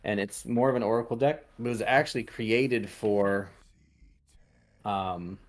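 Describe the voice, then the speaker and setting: Male podcast host, low-ish voice, meandering and halting, casual chat. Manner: rambling, hesitant, lots of ums. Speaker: podcast host reading tarot.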